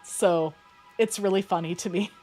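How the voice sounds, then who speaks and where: A woman's voice: on the low side, normal speed, mellow, faint music behind, rough recording. A woman streamer chatting casually while playing a game, rambling with lots of fillers and restarts. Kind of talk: casual chat while gaming.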